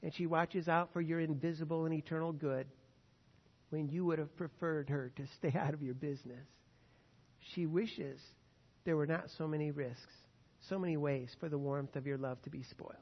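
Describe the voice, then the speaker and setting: High-voiced man preaching in a church hall. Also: steady tone, normal speed. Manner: storytelling, rising to emphatic passages then hushed. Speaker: pastor. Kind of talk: sermon. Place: church sanctuary. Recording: muffled sound in a large reverberant church hall.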